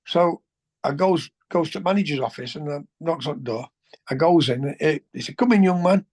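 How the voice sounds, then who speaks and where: Animated older storyteller. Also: male voice, a little high, moderate pace, slightly rough. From England. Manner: animated, colloquial, swears, restarts sentences. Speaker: former footballer, guest. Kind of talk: anecdotal storytelling.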